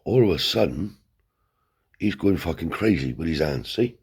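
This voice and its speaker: Husky deep-voiced man spinning a yarn. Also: normal speed. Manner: blunt, swears heavily, animated yarn-spinning. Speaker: storyteller. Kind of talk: casual spoken storytelling. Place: seated indoors.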